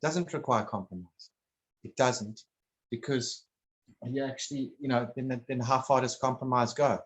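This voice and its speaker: Rambling man in casual talk. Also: mid-range voice. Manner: rambling, halting, with frequent restarts and blunt swearing.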